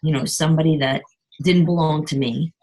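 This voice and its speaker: A middle-aged woman caller sharing on a video call, speaking haltingly and clearing her throat often, heard over poor call audio. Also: sits low, steady tone, darkish tone. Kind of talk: personal sharing on a group call.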